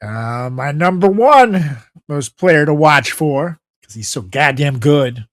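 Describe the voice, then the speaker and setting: A man's voice: fairly high pitch, expressive, takes it slowly, dry recording, clean studio sound. A man co-hosting a podcast in brash, profane casual chat, hyping players and joking. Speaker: podcast co-host.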